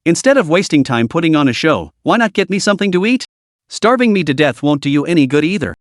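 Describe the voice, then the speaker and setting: A man's voice: fairly high pitch, sing-song, quick pace, dry recording, clean studio sound. A male narrator voicing a wary, sarcastic young woman held captive, in a lightly raised voice. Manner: sarcastic, testing.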